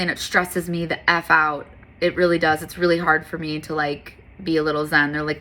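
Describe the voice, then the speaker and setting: A woman's voice: on the low side, pushed and bright, a little hiss or hum. A woman who teaches yoga, talking candidly and earnestly in a casual motivational monologue. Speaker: yoga and fitness instructor.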